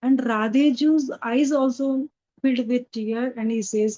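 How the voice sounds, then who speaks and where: A woman, a spiritual teacher telling a devotional story in earnest, unhurried narration with simple phrasing. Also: a little high, dark tone. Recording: dull lo-fi recording.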